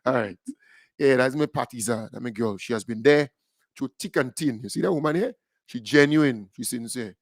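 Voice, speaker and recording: A Grenadian man hosting a call-in radio show, talking in a lively, joking way with Caribbean creole phrasing. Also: medium pitch, moderate pace, no room sound, clean studio sound. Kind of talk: casual radio talk with a caller.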